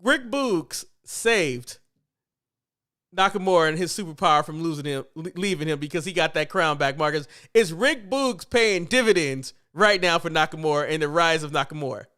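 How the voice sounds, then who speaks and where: A man co-hosting a casual wrestling podcast, animated and quick to laugh. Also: on the high side, clean tone. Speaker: podcast co-host.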